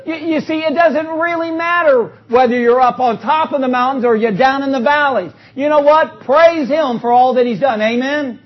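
A man preaching an energetic sermon in a church, joking with the congregation and calling for responses. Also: very high-pitched, normal speed, hardly any pauses. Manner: calls out to the congregation, joking, rising to loud exclamations. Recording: dull lo-fi recording.

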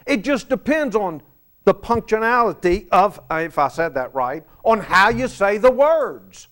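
A man preaching a sermon, asking the congregation rhetorical questions and dropping from emphatic lines to soft asides. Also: sits high, big pitch swings, measured pace. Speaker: pastor.

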